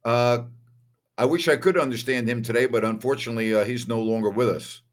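A man's voice: mid-range voice, fairly quick. Emphatic man hosting a postgame show. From New York. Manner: emphatic, repeats "all right" a lot. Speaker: host of a basketball postgame show. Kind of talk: casual solo livestream commentary.

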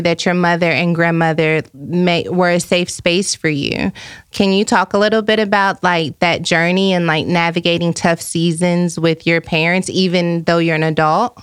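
A woman hosting an interview, asking questions as a gentle and encouraging listener. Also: lowish voice, fairly even intonation, moderate pace, clean tone, dry recording, clean studio sound. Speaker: interviewer and host.

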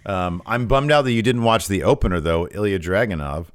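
A man's voice: lowish voice, fairly quick, dry recording, studio quality. A man co-hosting a wrestling podcast, recapping matches in casual chat with many restarts and fillers. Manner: rambling, frequent restarts and fillers.

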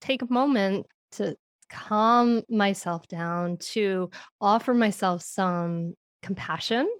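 A woman's voice: medium pitch, slow pace, clear, resonant tone, no room sound, studio quality. A middle-aged woman, a podcast guest, telling parenting stories in casual talk, laughing often and acting out what she said. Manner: animated, laughs often, acts out quotes.

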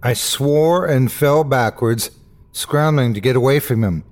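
A man hosting and narrating a horror story with a dramatic, expressive delivery. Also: medium pitch, a little slow. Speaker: host and narrator.

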